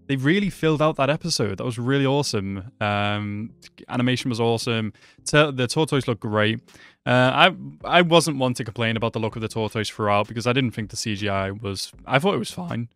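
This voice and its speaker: Man, casual reaction chat, slangy, mid-pitched voice, faint music underneath. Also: normal speed, a bit bright, no echo. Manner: casual, slangy, says "bro" a lot. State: hiccuping. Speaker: anime reaction channel host.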